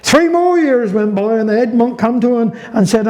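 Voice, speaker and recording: A man's voice: very high-pitched, expressive, normal speed, darkish tone, low-quality recording. A man with a Cornish accent reading humorous dialect stories and rhymes in a chatty way to a live audience at a heritage talk. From Cornwall. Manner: chatty, humorous rhyming recitation. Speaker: dialect storyteller.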